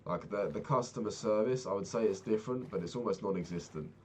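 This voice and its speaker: A man's voice: fairly low pitch, fast talker, slight background noise. A young man casually telling a rambling, profane travel story as a vlogger. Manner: profane, rambling, animated retelling.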